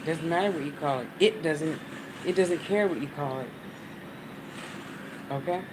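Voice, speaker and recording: A blunt American woman talks viewers through listening to spirit in a casual, profane way. Her voice sits a little low, and a running fan and passing traffic hum clearly behind her. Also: moderate pace. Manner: blunt, swears freely, talks straight to the viewer. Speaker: spiritual channel host.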